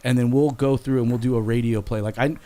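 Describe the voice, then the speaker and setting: A man's voice: mid-range voice, steady tone, fast talker, warm tone. A man co-hosting a podcast in casual chat, rambling and swearing freely. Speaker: podcast co-host.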